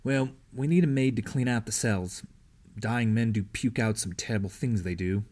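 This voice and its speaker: A man's voice: on the low side, normal speed, a little mellow, lightly acted. Man doing a greedy chatty guard, folksy talk, storybook reading. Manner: folksy, colloquial. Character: gruff male prison guard, greedy and folksy.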